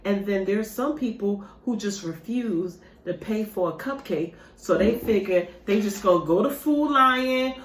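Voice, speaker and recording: A woman's voice: medium pitch, lively intonation, measured pace, few pauses, slight background noise. A woman chatting casually to her viewers in an eating vlog, addressing them directly in a talkative, loose way. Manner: chatty, talks straight to viewers with "y'all". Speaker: mukbang vlogger. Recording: roomy echo.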